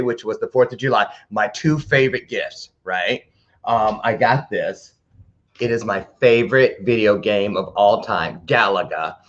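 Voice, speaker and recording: A man hosting a live talk show, chatting to camera in a rambling, animated way. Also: fairly low pitch, lo-fi sound.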